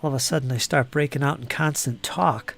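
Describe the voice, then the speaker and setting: A man chatting casually on a live hobby stream while building models, rambling and muttering to himself, with a voice he says is going hoarse. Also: medium pitch, a little fast, fairly bright tone. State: losing his voice.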